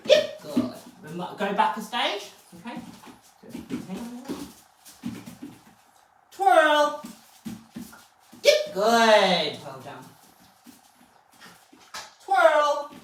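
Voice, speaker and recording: A woman dog trainer, explaining steps calmly and then praising the dog in a high, excited voice. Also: a little hiss or hum. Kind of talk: live training session commentary. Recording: very echoey, distant from the mic.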